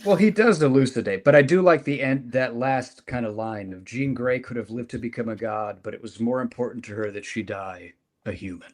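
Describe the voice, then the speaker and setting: A man's voice: medium pitch, a little fast, few pauses. A man co-hosting a casual comic book podcast, with a dry, joking manner. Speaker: podcast co-host.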